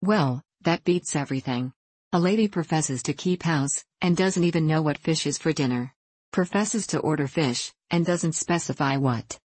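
A reader voicing a fussy, querulous gentleman in his thirties who complains dolefully about his dinner. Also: medium pitch, normal speed, breathy edge, no echo, lightly acted. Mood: indignant.

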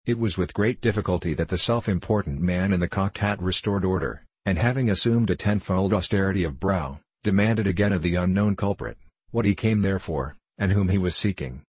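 Male narrator for a classic story, steady and measured, slightly husky. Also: sits low, no room sound. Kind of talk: audiobook reading of a classic tale.

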